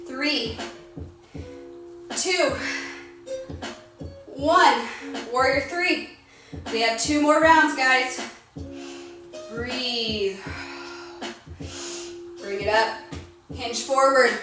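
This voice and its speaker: A slightly high-voiced woman, out of breath, calls brisk yoga cues and countdowns at an unhurried pace. She stands well back from the mic in a very echoey room, with music playing clearly behind her. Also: recorded from a distance. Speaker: fitness instructor. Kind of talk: live-streamed yoga class instruction. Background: workout music.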